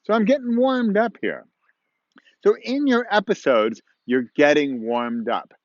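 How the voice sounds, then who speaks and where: A man's voice: sits high, measured pace, no echo, dull audio. A man hosting his own show in casual, encouraging talk, chatty and rambling with playful asides, recorded outdoors at dawn. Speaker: host of a motivational podcast-vlog.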